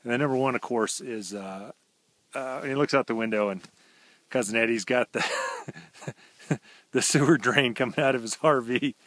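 A relaxed man strolls through snowy woods, filming himself on a handheld camera. He talks in a loose, deadpan, slang-heavy ramble full of "uh" and "just." It sounds like an offhand video diary. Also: medium pitch, normal speed, long pauses, dry recording. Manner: laid-back, slangy, deadpan rambling with fillers. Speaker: vlog host. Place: outdoors in snowy woods by his house.

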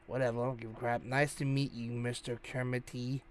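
A man's voice: on the high side, moderate pace, hardly any pauses. A man hosting a gaming channel, giving hyped, slangy, joking commentary while he plays a horror game. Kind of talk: let's-play commentary.

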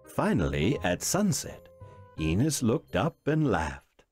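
A man narrating a fairy tale slowly and theatrically. His voice rises and dips dramatically through each sentence, with soft music playing behind. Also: lowish voice. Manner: expressive, dramatic storytelling. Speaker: reader. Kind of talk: storybook narration.

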